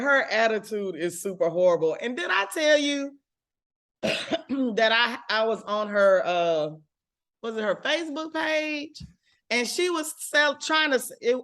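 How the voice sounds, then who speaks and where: A woman from Mississippi, co-hosting a casual chat recapping reality TV, blunt and animated and quick to laugh. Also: a little high. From Mississippi, USA. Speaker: podcast co-host.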